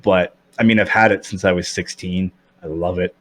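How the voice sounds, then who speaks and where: A man's voice: deep voice, fairly even intonation, moderate pace, fairly bright tone. A man in his thirties with a slight lisp, chatting candidly as a podcast guest, with many fillers and restarts. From Canada. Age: 30s. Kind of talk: casual chat.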